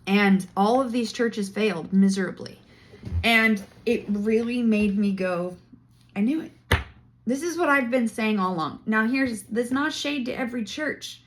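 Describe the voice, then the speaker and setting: A woman talking straight to camera in a casual monologue, indignant and emphatic as she builds her case. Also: on the high side. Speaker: vlogger.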